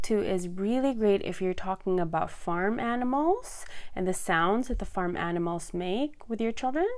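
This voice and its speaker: A woman reads a picture book to small children in an unhurried, sing-song voice. She takes her time over each line and lifts her voice high for the animal calls. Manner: bright, sing-song storytelling with animal sounds. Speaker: children's story reader. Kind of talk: picture book read-aloud.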